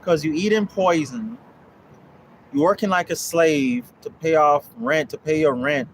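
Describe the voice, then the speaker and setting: A young man who runs a land investing course answers viewers on a casual livestream, his voice on the high side and his pace measured. He preaches bluntly, swearing and repeating himself, with a little hiss or hum in the audio.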